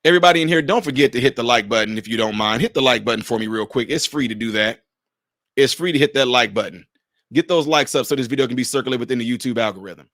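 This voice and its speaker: A man's voice: medium pitch, fast, a bit bright, no room sound, clean studio sound. A man from Chicago giving a heated political commentary, preachy and mocking, talking straight to his viewers.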